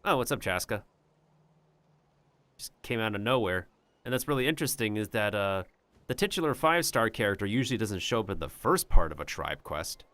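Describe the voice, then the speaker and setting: A man's voice: lowish voice, big pitch swings, a little fast, fairly bright tone, dry recording. Rambling, jokey male game streamer. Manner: rambling and jokey, talks to his chat and slips in joke drawls. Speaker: livestreamer. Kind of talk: casual gameplay commentary.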